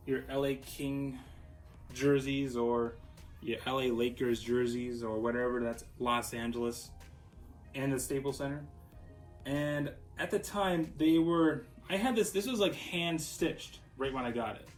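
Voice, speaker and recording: A man's voice: medium pitch, rough recording. A man from Minnesota, talking casually and rambling through a jersey collection with lots of fillers and restarts. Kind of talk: casual showcase vlog.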